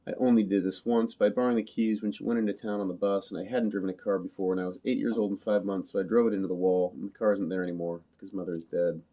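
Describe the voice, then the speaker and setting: A man reading a novel aloud in the first person, in a flat, literal, measured way. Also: low-pitched. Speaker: audiobook reader.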